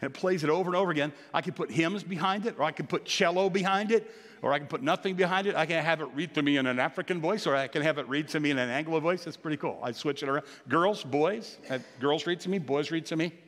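An older male pastor delivers a sermon in an earnest, exhorting way. His voice sits somewhat high for a man and climbs on the points he stresses. A long reverb trails each phrase. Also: fast talker, fairly bright tone. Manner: earnest, exhorting, rises in pitch on key points.

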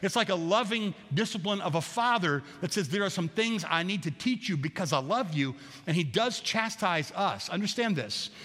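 A man's voice: high-pitched, lively intonation, moderate pace, fairly bright tone, big-room sound. A middle-aged man, a pastor, preaching a conversational sermon that repeats phrases and acts out prayers. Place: church sanctuary.

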